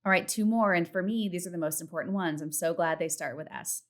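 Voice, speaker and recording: A woman in her thirties hosting a casual solo podcast from home, chatty and candid, swearing freely and acting out her self-talk in a high voice. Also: fairly quick. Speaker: podcast host. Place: home, partner in the next room.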